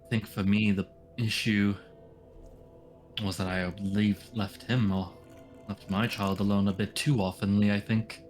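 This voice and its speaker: A man playing in a tabletop game, chatty and laughing, with halting questions. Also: lowish voice, flat delivery, soft background music. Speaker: player. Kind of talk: casual play chat.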